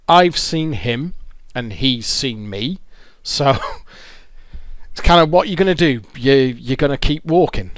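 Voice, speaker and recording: A man's voice: medium pitch, a bit bright, dry recording, clean studio sound. A man tells a raw, confessional story to camera outdoors by a road. He swears often and stumbles over repeated words. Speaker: vlogger telling his own story.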